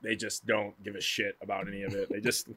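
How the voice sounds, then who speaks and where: Bright-voiced joking American man. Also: on the low side, little pitch movement, a little fast, dry recording. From northern United States. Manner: joking, profane, restarts often. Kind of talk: casual chat.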